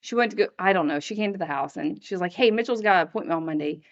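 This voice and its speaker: A woman co-host chats casually and reacts warmly to the story she is hearing. Her voice is close and dry with no room sound. The audio is dull and lo-fi. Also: fairly low pitch, racing, no echo. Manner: chatty, laughs along and reacts to stories. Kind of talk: casual chat.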